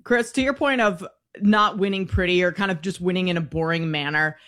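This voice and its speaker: A woman's voice: fairly low pitch, a little fast, fairly bright tone, no room sound, studio quality. A woman co-hosting a sports show, chatty and full of likes and ums. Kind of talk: casual sports chat.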